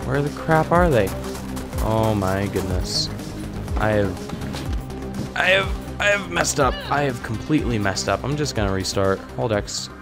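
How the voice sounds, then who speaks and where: A man's voice: on the low side, sing-song, measured pace, over loud music. A young man giving chatty, self-mocking commentary over a game he is playing. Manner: chatty, self-mocking, flares up in mock frustration. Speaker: gaming YouTuber. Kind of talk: let's play commentary.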